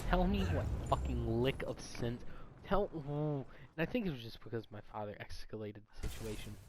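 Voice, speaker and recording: A young man telling a story from his childhood in a casual, animated, profane way, in a noisy recording. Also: mid-range voice, normal speed. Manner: animated, profane, laughing at himself. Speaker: storytime vlogger.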